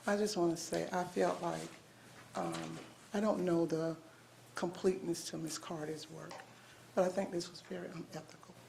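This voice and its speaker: A woman from Florida giving a soft, hesitant public comment that fades toward a whisper. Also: lowish voice, steady tone, moderate pace, vocal fry, slight background noise.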